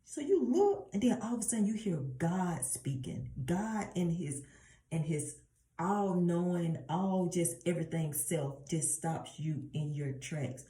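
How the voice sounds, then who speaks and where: Low-voiced woman preaching casually. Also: a little slow. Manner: animated storytelling, addresses listeners as y'all. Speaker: Bible teacher. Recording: roomy echo.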